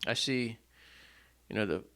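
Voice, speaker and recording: A male singer-songwriter, on the low side in pitch and a little slow, fills the time between songs with casual, self-deprecating rambling, plenty of fillers and restarts. His slightly bright voice has vocal fry, and he talks into a stand mic in front of him on a small home stage setup.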